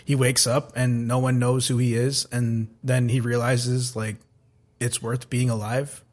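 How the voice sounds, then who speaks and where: A man's voice: mid-range voice, level tone, a little slow, darkish tone. A man co-hosting a casual group chat about anime, rambling with lots of fillers and laughing often. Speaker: podcast co-host.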